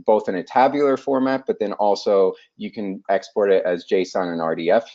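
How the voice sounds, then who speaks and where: A man's voice: on the low side, steady tone, normal speed, mellow. A man giving a technical webinar presentation, hesitant, with many fillers and restarts. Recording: dull lo-fi online call audio.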